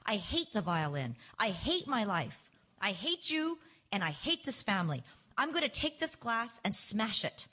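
A woman voicing a defiant, sharp-tongued teenage girl in a live book reading, husky and spitting out bitter retorts. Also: medium pitch, big pitch swings, unhurried, heavily acted. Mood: bitter, furious.

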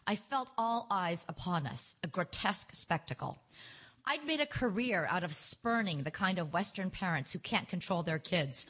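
A woman reading her own memoir aloud to a listening group, with wry, expressive storytelling and a husky voice. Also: on the low side, normal speed. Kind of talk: live book reading.

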